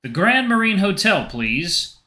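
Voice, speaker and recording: A man's voice: high-pitched, very animated, a little slow, sharp tone, voice pushed up, heavily acted. Young guy in his twenties, casual and a bit defensive, raised voice; a man reads him. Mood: polite. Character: 23-year-old unemployed man, defensive traveler.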